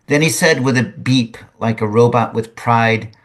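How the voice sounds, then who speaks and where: Older man, retired teacher, reading a poem aloud, sing-song lilt, plain spoken asides, mid-pitched voice. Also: unhurried, hardly any pauses, a bit bright. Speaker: retired substitute physics teacher.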